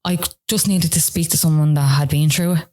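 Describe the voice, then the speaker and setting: An Irish woman telling her own story as a podcast interview guest, emotional and halting, with many "like" and "you know" fillers. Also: low voice, steady tone, a little mellow.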